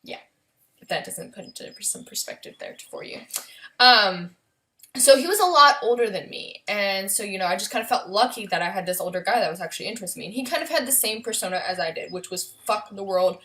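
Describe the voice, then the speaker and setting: A young woman telling a painful personal story in a vlog, halting and emotional, with many pauses and fillers. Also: mid-range voice, animated, sharp tone. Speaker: vlogger.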